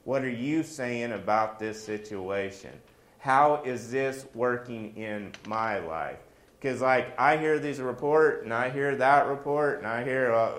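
A man's voice: mid-range voice, unhurried, fairly bright tone. Folksy man preaching in an echoey room. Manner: folksy, joking, storytelling. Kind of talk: sermon with personal stories.

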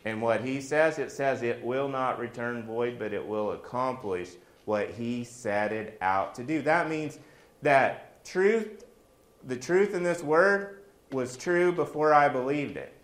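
A man's voice: mid-range voice, measured pace, roomy sound. A man preaching a sermon in a folksy, joking way, weaving personal stories into his message.

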